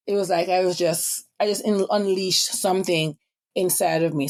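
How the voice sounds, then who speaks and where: Woman, Caribbean accent, low gravelly voice, fast motivational podcast talk, young adult host. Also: darkish tone. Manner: talks fast, slips into quick asides.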